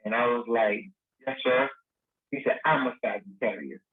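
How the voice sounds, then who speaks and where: Husky man telling a story over a tinny line. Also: mid-range voice, moderate pace. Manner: animated storyteller, acting out quoted dialogue. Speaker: guest. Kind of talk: storytelling in a casual interview. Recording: tinny phone-line sound.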